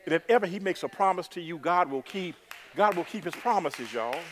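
A man's voice: high-pitched, expressive, a little fast, fairly bright tone, long reverb tail, slight background noise. A man preaching a sermon, repeating words for emphasis and calling the congregation "y'all".

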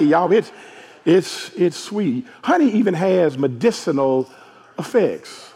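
A man, a hoarse pastor preaching a sermon and calling out to his congregation, rising to shouts. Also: high-pitched, sing-song, measured pace. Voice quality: gravelly, husky. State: hoarse from allergies. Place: large church sanctuary. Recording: long echo of a large church hall.

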